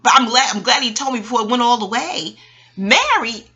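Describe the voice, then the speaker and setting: A woman's voice: a little high, quick pace, pushed and bright, slightly rough, highs cut off. A middle-aged woman from Harlem, talking in a rambling, profane monologue, digressing and laughing often. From New York, Harlem. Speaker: astrologer and host.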